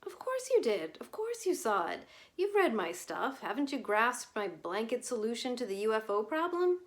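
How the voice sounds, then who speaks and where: A woman's voice: a little high, very animated, moderate pace, pitched above the performer's own voice. A woman voicing a glib, cynical male journalist who explains things away in a breezy, lecturing way. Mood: amused.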